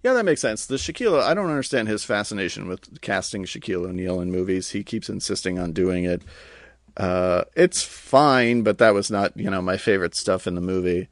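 Low-voiced man reviewing a film. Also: animated, brisk, no echo, clean studio sound. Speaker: podcast co-host. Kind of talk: casual chat.

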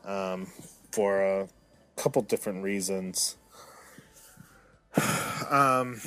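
Theatrical man in his thirties hosting. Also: lowish voice. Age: 30s. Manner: mock-dramatic, swinging from self-pitying to indignant. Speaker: podcast host. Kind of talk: solo podcast monologue.

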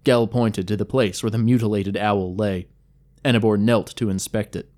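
A man reading a dark fantasy story aloud, vivid and wry, with crude asides. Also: fairly low pitch, fairly even intonation, normal speed. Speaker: storyteller narrating a game recap. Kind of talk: dramatic fantasy story narration.

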